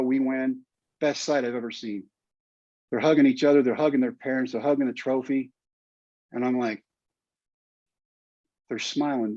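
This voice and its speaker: A man's voice: mid-range voice, a little mellow, dry recording. Earnest man telling his story. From United States. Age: 50s. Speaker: guest, former pitcher and teacher. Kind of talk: storytelling interview. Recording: dull dry podcast audio.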